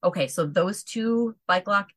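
A woman in her thirties telling a story in casual chat, animated and acting out quotes, with lots of "like" fillers. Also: medium pitch, a little slow, no room sound. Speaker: podcast guest.

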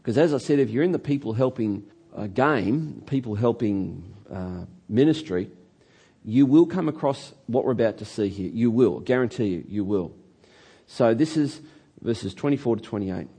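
A man preaching in a church with a mellow, slightly husky voice. He tells a story in an animated way and slows down to stretch out his key words. His pitch sits in the middle range. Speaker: pastor. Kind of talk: sermon. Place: church hall.

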